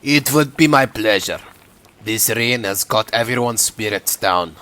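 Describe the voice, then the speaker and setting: A man voicing a kindly village wife and mother in a let's-play, speaking gently and hospitably. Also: fairly low pitch, animated, unhurried, pitched below the performer's own voice. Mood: gentle.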